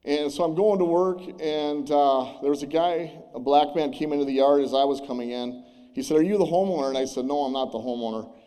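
A man tells a personal faith story to a gathering, speaking earnestly and haltingly, full of restarts and fillers. His tone is mellow and dark, and his voice wavers as tears come. A long reverb from a large hall trails each phrase. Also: on the high side, clean tone. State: tearful, voice breaking. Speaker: churchgoer sharing a testimony. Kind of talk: personal testimony.

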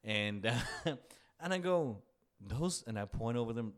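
A man's voice: medium pitch, animated, unhurried. A man telling a story in casual chat, rambling and restarting, laughing often.

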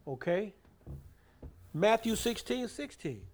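A man's voice: high-pitched, animated, a little slow. A man teaching a bible study in a preacherly way, stressing key words and calling on his group to answer back. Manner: preacherly, rising and falling emphasis, call-and-response; repeats and restarts words.

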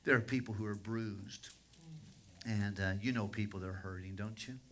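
A man's voice: on the low side, fairly even intonation, normal speed, slight background noise. A man preaching a sermon as a pastor, in a conversational storytelling manner that circles back on itself. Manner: conversational storytelling, with frequent restarts.

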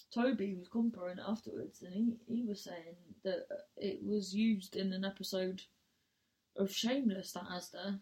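Sweary, rambling southern English woman. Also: on the high side. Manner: sweary, rambling, animated storytelling. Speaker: stand-up comedian hosting a podcast. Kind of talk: casual chat.

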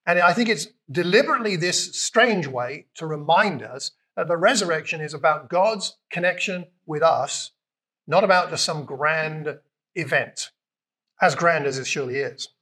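A man with a British accent preaching a conversational sermon, retelling scripture and acting out lines with lively emphasis. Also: fairly high pitch, moderate pace. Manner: conversational, animated, acts out quotes with raised voice.

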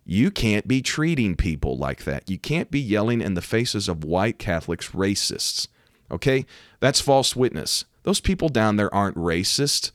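An American man, a preacher, talking emphatically about faith and current events and rising to loud, animated outbursts. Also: on the low side, moderate pace, no echo, clean studio sound. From United States. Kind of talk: preaching commentary to camera.

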